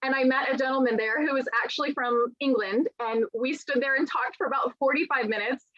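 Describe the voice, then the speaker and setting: A middle-aged woman author in a conversational interview, telling lively stories and acting out quoted dialogue. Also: high-pitched, a little fast, a crowd in the background. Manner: animated storyteller, acts out quoted dialogue. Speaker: author guest. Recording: dull, lo-fi sound.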